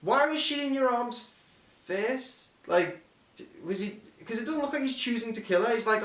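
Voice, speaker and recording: A man's voice: very high voice, lively intonation, normal speed, fairly bright tone, distant mic. A man co-hosting a podcast, reviewing a film in casual, rambling chat full of swearing and restarts. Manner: rambling, profane, acts out quotes in silly voices. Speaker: podcast co-host. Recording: echoey room, slightly off-mic.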